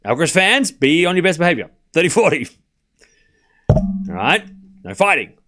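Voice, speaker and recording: Guy doing live tennis watchalong commentary, kinda high voice, swings up and down a lot, chatty. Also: big pitch swings, normal speed, pushed and bright. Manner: chatty, laughs often, talks to chat. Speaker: host.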